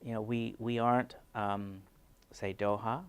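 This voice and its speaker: A man, a city urban design planner, explaining ideas in a measured way with frequent fillers during a conference interview. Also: fairly low pitch, flat delivery, smooth.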